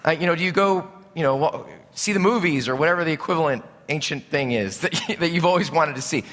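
A man preaches a sermon with passion, his voice bright and sharp with a slightly high pitch. He swings from loud appeals down to hushed tones. The sound carries the long reverb of a large church hall. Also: fast. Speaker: pastor.

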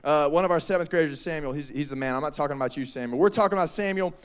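A man preaching a lively youth sermon in a slangy, energetic way, acting out the people in the story. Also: on the high side, racing, smooth. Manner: energetic, slangy, acts out voices. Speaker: youth pastor.

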